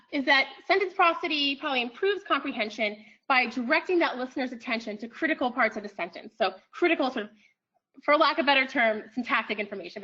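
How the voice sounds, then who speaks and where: Bright-voiced woman lecturing, full of ums. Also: sits high, muffled recording. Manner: frequent ums, thoughtful restarts. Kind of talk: academic lecture. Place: lecture room.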